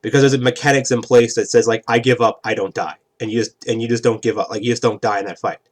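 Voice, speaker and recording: A man's voice: mid-range voice, level tone, quick pace. A man in a mid-range voice walks his players through a tabletop game's rules at a casual pace. He rambles, restarts his thoughts and keeps checking in with "right?". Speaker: game master explaining rules. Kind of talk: casual explanation at a game table.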